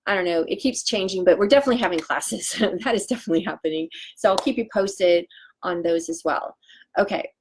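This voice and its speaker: A woman in her forties selling essential oils on a live stream, talking in a chatty, excitable way with lots of fillers and restarts. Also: on the low side, fairly quick, a little hiss or hum. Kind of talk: casual live-stream chat.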